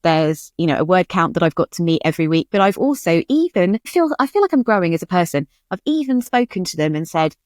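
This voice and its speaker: A woman's voice: on the low side, big pitch swings, fast, few pauses, a little mellow, dry recording, clean studio sound. A woman co-hosting a writing podcast in casual chat, candid and chatty. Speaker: podcast co-host.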